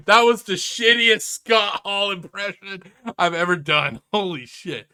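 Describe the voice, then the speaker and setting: A man's voice: high voice, expressive, unhurried, few pauses, sharp tone, clear, resonant tone. A man giving an unscripted reaction commentary, opinionated, exasperated and profane.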